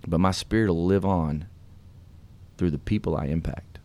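Middle-aged male radio host with a deep voice; earnest, folksy motivational storyteller. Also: moderate pace, a little mellow, dry recording. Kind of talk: casual storytelling and motivational talk.

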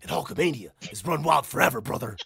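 A man putting on a brash wrestling legend cutting a promo, shouting catchphrases and calling everyone brother. The voice is raised and gravelly, swinging high and low with big energy. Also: animated, quick pace, a little hiss or hum, heavily acted. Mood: boastful. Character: loud brash veteran male wrestler promo.

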